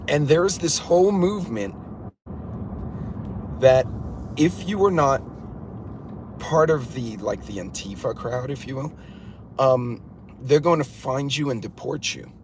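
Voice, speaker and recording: A middle-aged man hosting a casual livestream from a car, telling a story in an animated, incredulous way. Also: mid-range voice, measured pace, pauses often, noisy background. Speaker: livestream host.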